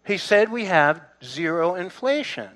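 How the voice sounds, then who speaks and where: A man's voice: high-pitched, very animated, measured pace, fairly bright tone. A middle-aged man preaching a sermon in a church, conversational, with restarts and asides to the congregation. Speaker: pastor.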